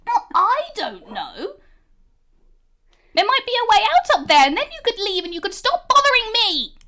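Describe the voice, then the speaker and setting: A tiny scowling creature girl, very high voice, curt and dismissive, played by a woman in a tabletop game. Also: wildly swooping pitch, normal speed, pushed and bright, heavily acted. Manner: prim, dismissive.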